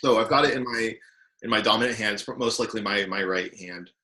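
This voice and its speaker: A man's voice: on the low side, fast, bright, forceful tone. A man playing a tabletop game, describing his moves with hesitation as he works them out. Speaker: player. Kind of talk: casual tabletop game play.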